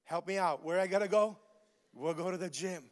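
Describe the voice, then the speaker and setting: A man preaching a sermon to his church, animated, swinging between quiet asides and shouted points. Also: high-pitched, fairly quick, big-room sound. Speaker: pastor. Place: church sanctuary.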